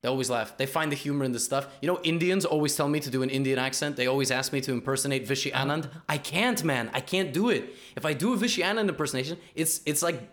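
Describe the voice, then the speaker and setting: A man, a guest in a casual chat, rambling and repeating himself in quick bursts. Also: medium pitch, a bit bright. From United States.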